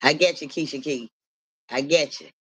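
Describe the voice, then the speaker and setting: A woman's voice: deep voice, moderate pace, slightly rough. A woman hosting a live stream in casual talk, repeating rhythmic, profane hype chants to her viewers.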